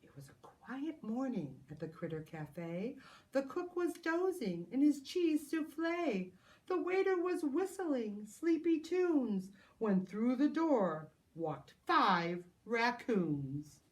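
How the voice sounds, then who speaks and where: A woman preschool teacher reading a picture book aloud to children, animated and exclaiming in a sing-song way. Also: on the high side, slow pace.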